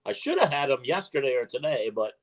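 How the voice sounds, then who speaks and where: A man's voice: mid-range voice, big pitch swings, a little fast. Laid-back man talking shop. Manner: laughs often, restarts sentences. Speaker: hobby shop owner hosting a livestream. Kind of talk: casual chat.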